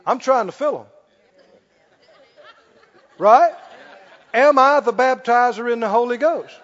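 A man preaching a sermon, telling a story with laughs and loud bursts of prayer. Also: extremely high pitch, takes it slowly, some chatter behind. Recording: dull lo-fi sound with long hall reverb.

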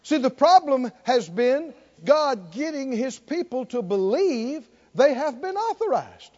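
A man preaching in a very high, lively voice, swinging between low murmurs and ringing near-shouts as he calls out to the congregation. The recording is dull and lo-fi. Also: unhurried. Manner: call-and-response preaching, rising to near shouts. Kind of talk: sermon.

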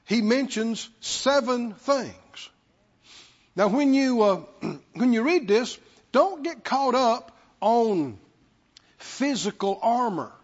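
Man, pastor, sermon, unusually high voice, slow deliberate delivery, call-and-response, long hall reverb, muffled lo-fi recording. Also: animated. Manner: emphatic, repetitive call-and-response with the congregation.

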